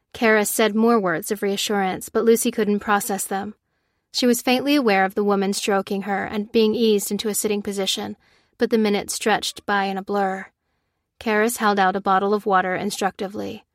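A female narrator reads an audiobook in a steady, even storytelling style. Her voice is medium-pitched, and the studio recording is clean with no room sound.

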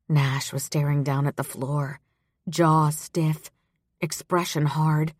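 A female audiobook narrator with a low voice reads a scripted story slowly, in a measured, even manner. The studio sound is clean with no echo.

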